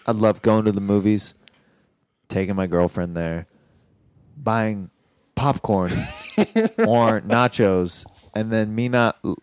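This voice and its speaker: Comedian guest, young man, low-ish pitch, easygoing slangy chat, dry mic. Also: lively intonation, slow, pauses often, a little mellow, no room sound. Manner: easygoing, laid-back, uses slang. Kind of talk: casual chat.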